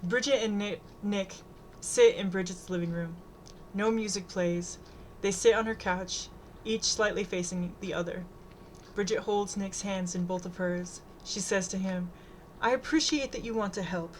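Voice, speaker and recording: Female narrator, steady plain read of a novel. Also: mid-range voice, measured pace, slight background noise, poor audio. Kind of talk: reading a novel aloud.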